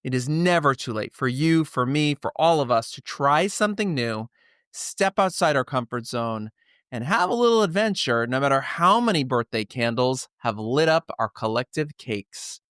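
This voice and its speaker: A man's voice: mid-range voice, lively intonation, normal speed, a bit bright, no room sound. Upbeat male podcast host, dry sound. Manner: enthusiastic, playful, storytelling.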